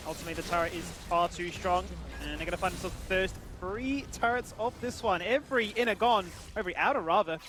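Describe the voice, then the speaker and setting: A man casting a live esports match with play-by-play commentary, excitable and playful. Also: high-pitched, fast talker, few pauses. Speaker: esports caster. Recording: music bed behind. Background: music.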